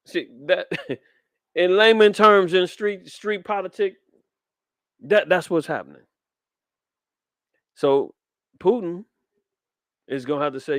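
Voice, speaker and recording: A man's voice: sits high, slow pace, long pauses, a bit bright, dry recording. A man, preaching fiery commentary on the news in street slang. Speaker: podcast host.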